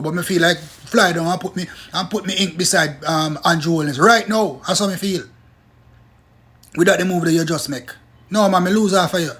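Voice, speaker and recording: A Jamaican man rants through a political opinion monologue. His voice sits a little high for a man. He hammers each point again and again and drifts between standard English and patois. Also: a bit bright, slightly rough. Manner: heated, emphatic, repeats points, slips into patois. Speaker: political commentator.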